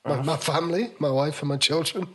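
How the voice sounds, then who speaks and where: A man's voice: fairly high pitch, a little fast, very noisy. A middle-aged man co-hosting a casual podcast chat, dry and rambling with hesitant fillers. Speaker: podcast co-host.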